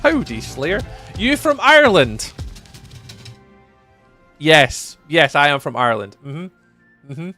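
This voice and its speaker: This young Scottish streamer speaks slowly with long pauses, his bright, forceful voice swinging widely in pitch. Chatting casually, he reads out viewer messages and replies, jumping high when he says hello to viewers. Faint music can be heard behind him.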